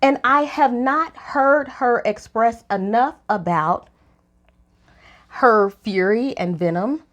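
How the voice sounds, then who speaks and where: A woman co-hosting a relationship podcast, talking in a lively, opinionated way, her voice jumping up high when she is incredulous. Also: takes it slowly. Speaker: podcast co-host. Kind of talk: casual opinion chat.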